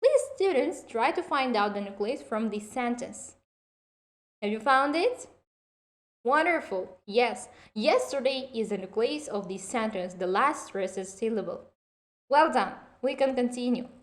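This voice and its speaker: A woman teacher giving a recorded lesson to her students. She talks in a deliberate, instructive way with slightly non-standard English phrasing, poses questions and answers them herself, and praises her class often. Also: a little high, animated.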